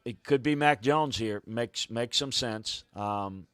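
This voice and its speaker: A man's voice: medium pitch, clear, resonant tone, no echo. Man chatting through a live draft. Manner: thinks aloud, halting restarts, chuckles, gets excited. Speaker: draft show host. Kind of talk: live casual draft commentary.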